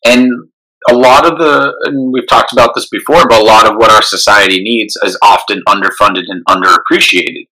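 Low, bright man thinking aloud. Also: steady tone, poor audio. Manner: thoughtful, halting, many restarts. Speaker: podcast co-host. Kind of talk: casual conversation.

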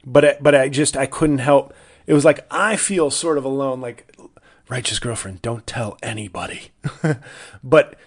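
A man's voice: mid-range voice, moderate pace. A man hosting a casual solo podcast, rambling and self-deprecating with many restarts. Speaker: podcast host.

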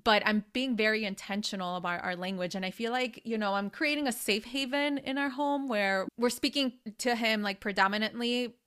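A woman's voice: fairly high pitch, moderate pace, hardly any pauses, clear, resonant tone. Reflective young woman podcast host. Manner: reflective, warm, hesitant restarts. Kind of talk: casual interview talk.

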